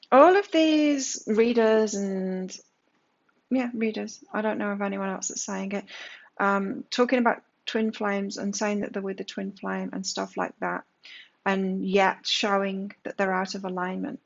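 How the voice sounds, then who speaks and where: In a creaky mid-range voice, a woman gives a daily tarot energy reading, heard through slightly dull lo-fi sound. The tarot reader speaks emphatically, filling her talk with rhetorical questions.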